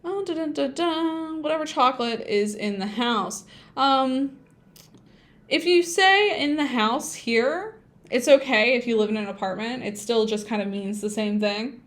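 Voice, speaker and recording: High-voiced woman teaching English online. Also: unhurried, a bit bright. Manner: hums and sings to herself while typing. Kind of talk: livestreamed language lesson.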